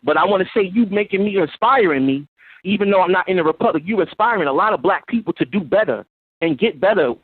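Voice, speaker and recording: A man calling in to a show, earnest and pleading, halting with fillers as he speaks. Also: high-pitched, lively intonation, slightly rough, no room sound. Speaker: caller. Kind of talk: call-in phone talk. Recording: tinny phone line.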